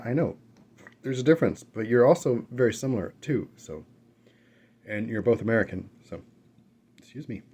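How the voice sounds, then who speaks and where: A man's voice: lowish voice, darkish tone. A man chatting casually while eating on camera at home, rambling through stories with fillers and self-corrections. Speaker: mukbang vlogger. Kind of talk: casual eating chat and storytelling. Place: at home with dogs nearby.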